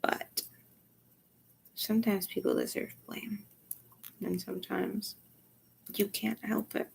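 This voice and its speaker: A young adult woman vlogger talks frankly to camera in a rambling personal monologue, speaking slowly in a level, medium-pitched voice with vocal fry. She sounds tired, swears freely, and often drops to a near whisper. Slight background noise is audible.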